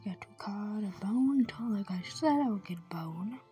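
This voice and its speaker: A woman giving whispered gameplay commentary, rambling softly to herself as she plays. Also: medium pitch, expressive, moderate pace, faint music behind. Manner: soft, half-whispered, rambling self-talk.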